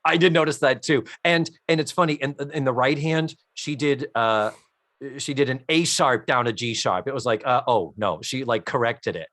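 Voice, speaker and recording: A man in his fifties co-hosting a casual podcast chat, animated and swearing freely as he acts out scenes. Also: medium pitch, moderate pace, dry recording, studio quality. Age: 50s. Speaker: podcast co-host.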